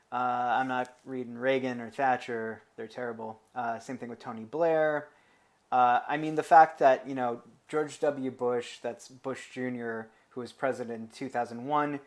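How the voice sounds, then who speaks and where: American guy lecturing casually, lots of um and you know, wanders off topic, middle pitch. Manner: conversational and digressive, with frequent fillers and asides. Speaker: teacher. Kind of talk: informal classroom lecture.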